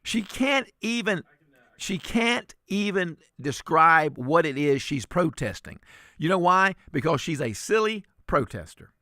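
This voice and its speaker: A man's voice: a little high, big pitch swings, a little slow, bright, forceful tone, no echo, clean studio sound. A man filling in as a talk radio host, giving emphatic, sarcastic commentary and often repeating words.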